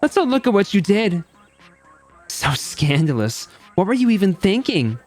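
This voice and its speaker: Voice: medium pitch, big pitch swings, moderate pace, pitched above the performer's own voice, lightly acted. A streamer voicing a gleeful, sadistic game-show host in a game, with mocking showman patter. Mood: taunting. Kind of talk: reading game dialogue aloud.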